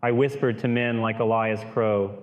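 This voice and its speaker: Guy doing old gleeful demon voice, slow n sneery, audiobook horror. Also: mid-range voice, steady tone, highs cut off, close to an everyday voice. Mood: sneering.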